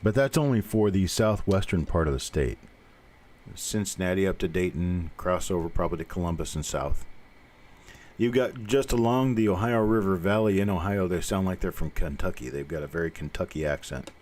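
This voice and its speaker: An older man with a somewhat low voice hosts a live stream in a loose, folksy chat. He rambles from one story to the next and drops a corny joke now and then. He talks plainly and reassuringly to his viewers. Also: moderate pace, darkish tone, slight background noise. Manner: folksy, rambling storyteller who cracks jokes. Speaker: host of a live coin roll hunting show.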